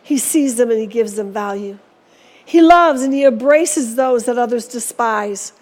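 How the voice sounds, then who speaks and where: A woman's voice: on the high side, normal speed, a little mellow. A woman preacher giving a sermon in a church, speaking earnestly and urging her listeners on. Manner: earnest, exhorting.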